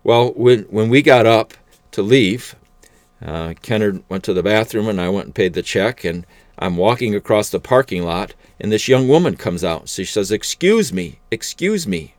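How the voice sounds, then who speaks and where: A man telling a personal faith testimony in an unhurried, conversational way, with the odd "uh". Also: on the low side, no room sound. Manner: unhurried, conversational storytelling with fillers.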